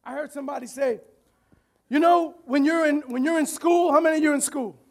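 A man preaching a sermon as pastor, animated, often shouting and laughing while acting out voices from the story. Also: extremely high pitch, fairly quick.

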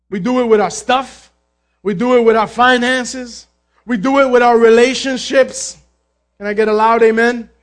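High-voiced animated male pastor preaching. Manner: lively preaching with jokes and call-outs to the congregation; acts out biblical characters' voices. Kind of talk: sermon. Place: church.

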